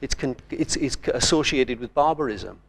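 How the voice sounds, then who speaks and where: A man's voice: medium pitch, normal speed, vocal fry. An older man from Wales, a writer speaking on a conference panel in a thoughtful, digressive way.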